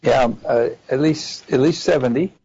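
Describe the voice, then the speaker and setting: A man speaking as a guest on a broadcast discussion, halting and full of fillers and restarts, with a gravelly, husky voice. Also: mid-range voice, a little mellow. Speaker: guest commentator. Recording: slightly dull, lo-fi sound.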